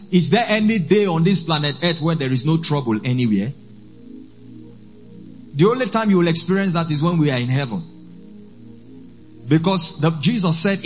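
A priest preaching a sermon speaks in a slightly high voice. He slows down and repeats phrases for emphasis.

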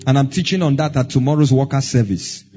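A man's voice: medium pitch, fast talker, dark tone, dull audio, soft background music. A Nigerian man with a Nigerian accent preaching a sermon as pastor, stressing words in a rising, sing-song way.

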